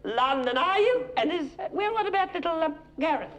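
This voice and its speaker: Speaking briskly in a very high, expressive voice, a man performs as a fawning yet condescending middle-aged Australian housewife superstar, exchanging backhanded compliments with a theatre crowd. The live recording is very noisy with a loud audience.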